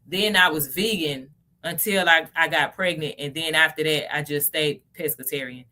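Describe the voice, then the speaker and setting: A woman's voice: deep voice, moderate pace, pushed and bright. A Southern woman from Tennessee, around her thirties, hosting a casual crypto livestream, chatty and often checking in with "okay?" and "y'all".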